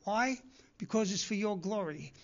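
A man preaches at normal speed in an expressive, high-pitched voice, heard through dull audio. His sermon earnestly exhorts the congregation over and over, with acted-out quotes.

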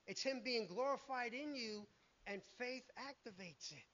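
A man's voice: very high-pitched, measured pace, fairly bright tone, lo-fi sound, slight background noise. A man preaching a sermon in an emphatic way, acting out the lines he quotes.

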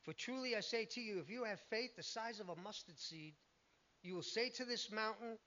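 A man's voice: high-pitched, normal speed, sharp tone, lo-fi sound. A man preaching a sermon in an emphatic way, acting out the lines he quotes.

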